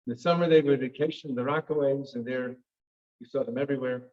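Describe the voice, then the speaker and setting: At a synagogue hall, a guest speaker with a medium-pitched, steady voice rattles off theatrical stories quickly, adding wry asides along the way. The recording sounds flat and lo-fi.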